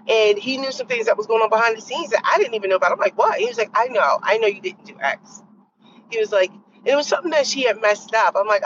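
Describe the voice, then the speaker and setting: Animated exasperated woman telling a story. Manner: animated, exasperated, quoting others in lowered voices. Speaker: podcast host. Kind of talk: casual storytelling monologue. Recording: dull lo-fi sound with faint noise.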